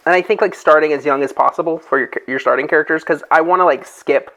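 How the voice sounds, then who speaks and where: A man's voice: on the high side, fast, bright, forceful tone, slight background noise, poor audio. A man running a tabletop game, chatting casually on a call and thinking aloud with lots of fillers. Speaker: game master. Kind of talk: casual group chat.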